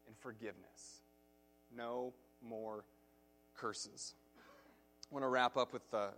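A male pastor preaching a sermon, telling a personal story in an animated way, swinging from soft to loud. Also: mid-range voice, slight background noise.

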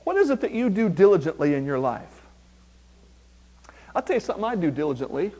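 A man preaching a sermon, animated and humorous, acting out little quotes as he goes. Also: sits high, fairly quick. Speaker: pastor.

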